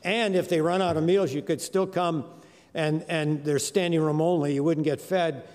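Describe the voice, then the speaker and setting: A man's voice: fairly high pitch, fairly even intonation, normal speed, darkish tone, big-room sound. An older man preaching a sermon in a church sanctuary, conversational and full of fillers. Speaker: guest preacher.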